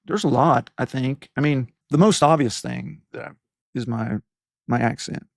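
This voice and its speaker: Man, 50s, softened Southern accent, earnest storyteller, dry close sound. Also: mid-range voice, normal speed, creaky, no room sound. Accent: softened East Tennessee Southern. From East Tennessee. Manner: earnest storytelling, acts out quoted voices. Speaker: podcast host as guest. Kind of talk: reflective interview talk.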